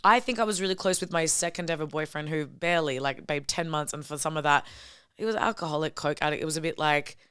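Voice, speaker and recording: Young woman, comedian guest, casual chat, deep-ish voice, smooth tone, swears a lot. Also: fast, a bit bright. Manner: chatty, calls her friend babe, swears casually.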